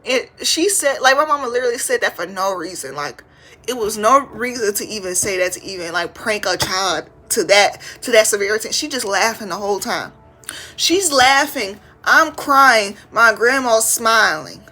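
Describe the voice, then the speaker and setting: A woman in her twenties, host of a podcast, telling childhood stories in a casual, animated way with big dramatic jumps in her voice. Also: mid-range voice, moderate pace. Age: 20s. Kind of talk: casual storytelling.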